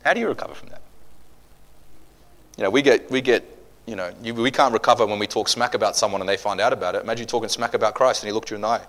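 A man preaching a sermon, telling stories with humor and swinging from loud outbursts to hushed asides. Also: fairly low pitch, fairly even intonation, racing.

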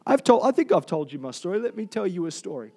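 Male preacher, high voice, emphatic and confessional, piles up rhetorical questions. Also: very animated, fast talker, darkish tone. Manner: confessional storytelling. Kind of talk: sermon.

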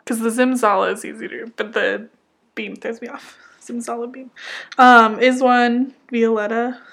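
A woman's voice: on the high side, flat delivery, unhurried, gravelly, a bit bright. A woman co-hosting a casual chat, reading nominees and joking at her own stumbles over names. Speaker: co-host. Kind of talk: casual chat about music awards.

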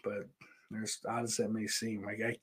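A man's voice: lowish voice, level tone, moderate pace, fairly bright tone, breathy edge. A man from Western New York, a streamer chatting casually and answering viewer questions in a rambling, profane, self-interrupting way.

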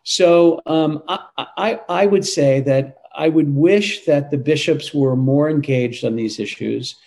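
A man's voice: a little high, a little slow, darkish tone, a little hiss or hum, poor audio. Earnest, emphatic man answering questions. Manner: earnest and emphatic, with frequent restarts. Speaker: interview guest, Catholic advocacy leader. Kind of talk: conversational interview answers.

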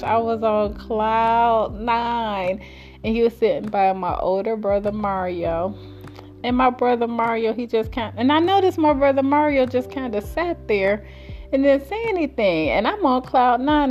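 A woman casually telling a personal story in her own series, chatty and colloquial, breaking into high giggles. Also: darkish tone. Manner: laughs often, with high giggles while telling stories; chatty and colloquial, with many fillers.

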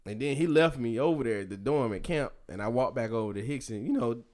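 Male podcast co-host, casual storyteller, animated and profane, quotes friends, laughs a lot. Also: medium pitch, fast talker.

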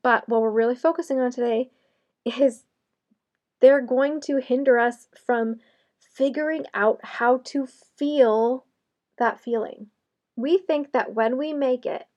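Woman, young adult, slightly high voice, motivational solo talk, conversational, sarcastic asides. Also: darkish tone, muffled recording.

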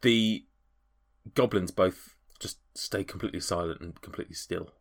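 A man's voice: low voice, moderate pace, creaky. A man running a tabletop game as game master, narrating with many restarts and qualifiers. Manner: hesitant, full of restarts and qualifiers.

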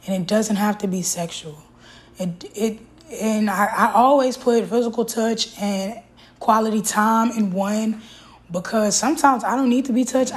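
On her own show, a woman talks openly about her life with real feeling, often using fillers and starting over. She speaks a little slowly in a steady, mid-range voice. It's casual personal talk from a podcast host, recorded with poor audio.

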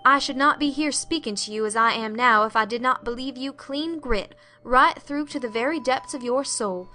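An earnest young Texan suitor, plainspoken and sincere with folksy slang, read by a woman. The voice sits high and bright. It is an audiobook reading of a period story. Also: moderate pace, a little hiss or hum.

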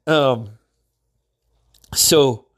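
A man's voice: medium pitch, breathy edge. A man casually telling a rambling personal story, laughing often and swearing a lot.

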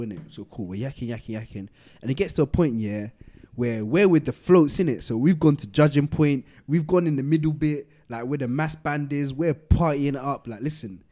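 A young man, telling a long story casually on a podcast, acting out quotes and using street slang. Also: medium pitch. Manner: animated, acts out quotes, London street slang. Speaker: podcast co-host.

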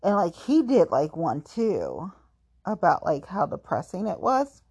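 A woman with a fairly low, slightly rough and a little mellow voice chats casually at a measured pace, her delivery sing-song. She rambles and fills her talk with "like," playfully mocking herself for being petty.

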